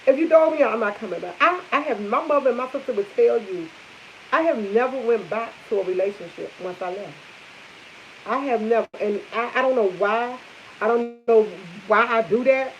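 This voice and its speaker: A woman's voice: a little high, moderate pace, slight background noise. Blunt, emphatic young woman vlogging. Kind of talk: casual chat to camera. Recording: dull lo-fi audio.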